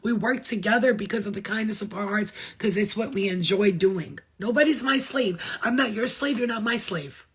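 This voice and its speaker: A woman's voice: medium pitch, moderate pace, hardly any pauses, fairly bright tone, husky. A woman who works as a spiritual healer, giving an impassioned, blunt talk to viewers, swearing freely and repeating phrases for emphasis.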